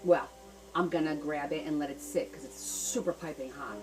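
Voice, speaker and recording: A woman's voice: sits low, moderate pace, a little mellow, recorded from a distance, soft background music. A woman hosting a casual craft livestream from her kitchen, chatting and rambling through stories as she goes. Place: home kitchen.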